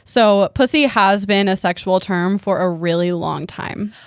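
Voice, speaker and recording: A woman's voice: mid-range voice, a little slow, clear, resonant tone, dry recording, studio quality. A woman co-hosting a comedy podcast, explaining a topic in a chatty, casual way full of filler words. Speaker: podcast co-host presenting a topic.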